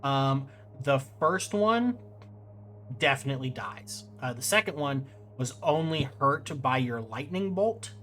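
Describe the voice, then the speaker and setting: A young man running a tabletop game as game master, explaining rulings in a relaxed way with fillers and restarts. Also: medium pitch, unhurried, faint music behind.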